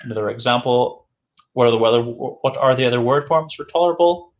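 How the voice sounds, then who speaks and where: A man teaching English vocabulary in a recorded lesson. He repeats each word several times, slowly and clearly, and answers his own questions. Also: mid-range voice, highs cut off. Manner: asks questions and answers them himself.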